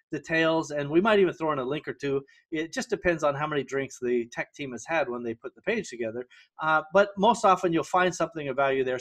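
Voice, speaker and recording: Jokey podcast host, fairly high male voice. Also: a bit bright. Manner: jokey, self-deprecating, breezy. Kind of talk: casual interview.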